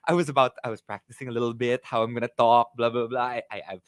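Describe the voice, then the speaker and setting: A man's voice: mid-range voice, level tone, quick pace, dry recording, studio quality. A man with a Filipino accent co-hosting morning radio, playful and jokey, laughing often. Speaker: radio co-host. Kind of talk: casual morning radio banter. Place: radio studio.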